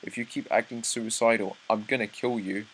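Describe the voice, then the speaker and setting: A young man reading a comic chapter aloud, breaking off into excited asides and stumbling over words. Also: fairly low pitch, a little fast, a little hiss or hum, poor audio. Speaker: manga reaction host. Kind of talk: live reaction read-through.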